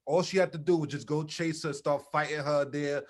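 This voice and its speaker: Slangy, laid-back man, slightly high voice. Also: fairly even intonation, fairly quick. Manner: laid-back, slangy, laughs often, swears. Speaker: podcast co-host. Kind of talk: casual wrestling review chat.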